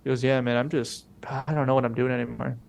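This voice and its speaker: A young podcast co-host with a gravelly, fry-edged voice at a middle pitch. He rambles through a slangy, profane story and slips into the voices of the people in it. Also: flat delivery, fast, darkish tone. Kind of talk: casual chat, storytelling.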